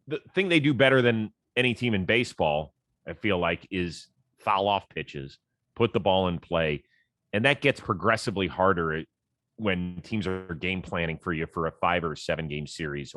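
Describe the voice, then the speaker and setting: A man from Ohio hosting a sports talk show, easygoing and quick to laugh in casual chat. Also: fairly bright tone, dry recording, studio quality. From Cleveland, Ohio. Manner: easygoing, laughs often, trails off low.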